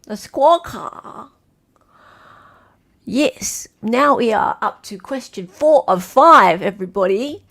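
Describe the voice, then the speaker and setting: A woman's voice: a little high, lively intonation, vocal fry, fairly bright tone. Playful Australian woman hosting a quiz. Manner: playful, reads quiz options slowly and repeats them. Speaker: livestream quiz host. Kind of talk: casual livestream chat.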